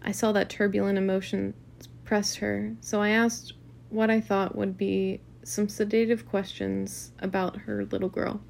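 A woman reads a classic novel aloud in a casual, unpolished way. Her voice has a steady gravelly creak and sits at an ordinary pitch. She sometimes stumbles and restarts a phrase. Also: measured pace, slight background noise. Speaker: reader.

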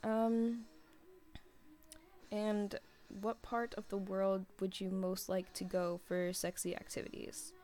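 A woman's voice: mid-range voice, level tone, takes it slowly, pauses often, dark tone. A young woman in her twenties chatting casually as she answers listener questions, rambling and giggly, with many fillers. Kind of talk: casual chat.

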